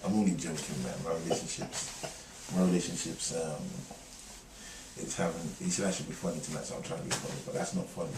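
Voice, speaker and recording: Middle-aged male guest, jokey rambling storyteller; slightly low voice, faint room ambience behind. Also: fairly even intonation, fast talker, noisy background. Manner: laughing, joking, rambling storyteller. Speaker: interview guest. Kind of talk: joking casual interview. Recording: echoey room, mic far off, faint ambience.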